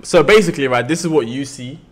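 A man's voice: medium pitch, fast. A young man with a London accent, casually hosting a livestream and chatting loosely. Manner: chatty, explains things loosely with lots of "like". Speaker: livestream host.

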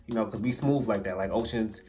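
A man's voice: on the low side, fairly quick, warm tone, faint music behind. A young adult man telling a funny personal story to camera in a casual, slangy way, laughing as he goes. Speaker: storyteller vlogger. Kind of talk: casual story-time monologue.

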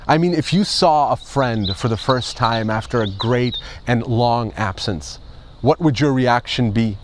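A man's voice: medium pitch, measured pace, slight background noise. Man preaching with rhetorical questions. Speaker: pastor. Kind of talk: Easter sermon.

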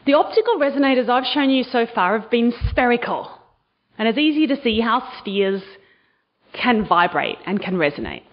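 A woman's voice: fairly high pitch, big pitch swings, normal speed, dull audio. A woman giving a university science lecture to students, enthusiastic and quizzing the audience. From Australia. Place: lecture hall.

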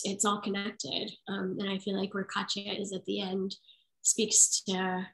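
A woman author hosting an online book event, talking in effusive, quick phrases. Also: mid-range voice, fairly bright tone, rough recording.

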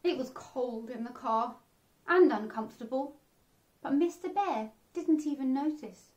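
A woman reading a children's picture book aloud, animated and expressive, acting out the sound effects. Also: high voice, measured pace, dull audio. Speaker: children's storyteller.

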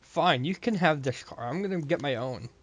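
A young man playing a video game with friends, playful and given to loud outbursts. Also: fairly high pitch, moderate pace, slightly rough, dry recording. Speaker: let's play gamer. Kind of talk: casual gaming banter.

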